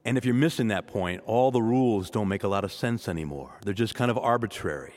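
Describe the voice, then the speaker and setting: A man's voice: fairly low pitch, brisk, few pauses, a little mellow, big-room sound. A man, a priest, preaching a sermon and speaking directly to his congregation in church.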